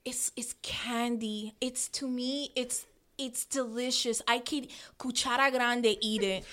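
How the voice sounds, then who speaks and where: Bright-voiced Miami woman, chatty. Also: a little high, slow. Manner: animated, slangy, mixes in Spanish words. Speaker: guest. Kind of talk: casual podcast chat.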